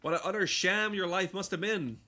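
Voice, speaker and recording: A man putting on a smug, rambling comedian who drawls mocking life advice in a raised, loud voice. The tone is bright and sharp. It comes off as a pointed send-up of a know-it-all. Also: fairly quick. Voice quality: higher, louder put-on voice. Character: rambling male comedian, smug mock-wise storyteller.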